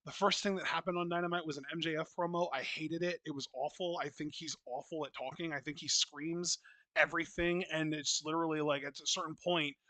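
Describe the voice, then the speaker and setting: Bright, higher-voiced man ranting casually. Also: steady tone, fairly quick, no echo. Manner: opinionated, blunt and profane, rambling with restarts. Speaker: wrestling podcast co-host. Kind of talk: casual podcast chat.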